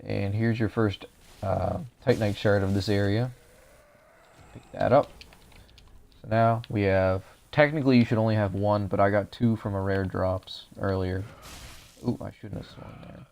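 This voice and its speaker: A young man with a low, gravelly voice talks through a game walkthrough in a relaxed, explanatory way. His voice sounds a little dry. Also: moderate pace. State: voice drying out. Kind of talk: casual gameplay commentary.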